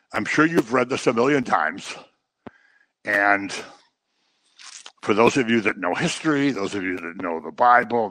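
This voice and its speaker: A man preaching a sermon, swinging between loud emphasis and quiet asides. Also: medium pitch.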